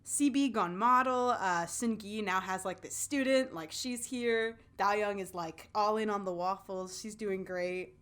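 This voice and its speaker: A woman co-hosting a podcast, chatting casually and excitedly about a drama, full of fillers and acted-out lines. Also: mid-range voice, a little slow, few pauses. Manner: bubbly, lots of fillers, acts out characters' lines. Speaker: podcast co-host. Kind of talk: casual chat recapping a drama.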